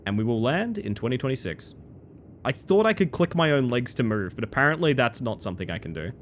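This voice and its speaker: A man, chatting excitedly as he streams a game live. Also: mid-range voice, fairly quick, a little hiss or hum. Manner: excitable, chatty, bursts into loud exclamations. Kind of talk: live gameplay commentary.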